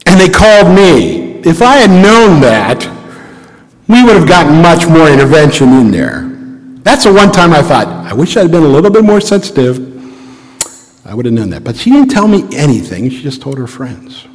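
A man's voice: on the high side, big pitch swings, normal speed. A middle-aged male pastor preaching a sermon, telling a personal story in an earnest, reflective way and asking rhetorical questions. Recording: long reverb of a large hall.

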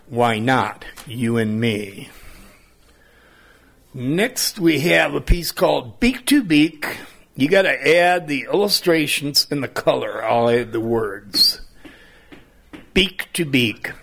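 An older man, a poet, reading his own humorous rhyming verse aloud in a slow recitation. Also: on the high side, a bit bright.

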